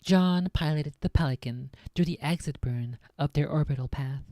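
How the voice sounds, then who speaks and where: A woman's voice: sits low, moderate pace, warm tone, no echo. Woman reading a novel aloud, dry sound. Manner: chatty, laughing asides between passages. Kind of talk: reading aloud with casual asides.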